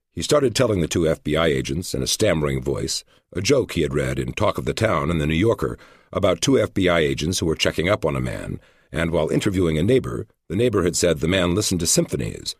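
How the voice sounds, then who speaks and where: A man narrating a book in a measured storytelling way. His voice is very low and gravelly with a husky grain, and the recording is dry and close. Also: no room sound. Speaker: audiobook narrator. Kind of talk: scripted narration.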